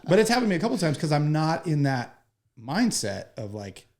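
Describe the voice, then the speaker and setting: A man, a firefighter guest, telling stories in an interview in an animated, joking, profane way. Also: fairly high pitch, a little fast. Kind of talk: storytelling in a podcast interview.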